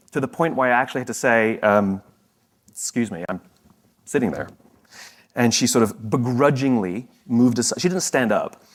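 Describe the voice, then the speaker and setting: A man giving a motivational talk on stage, telling a story with sweeping pitch swings and self-deprecating humor that he often laughs at. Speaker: speaker.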